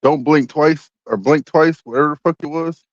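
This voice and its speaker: Co-host, male, crude casual banter, higher voice, dry dull lo-fi sound. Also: moderate pace, no echo. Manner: profane, joking, loose. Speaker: podcast co-host.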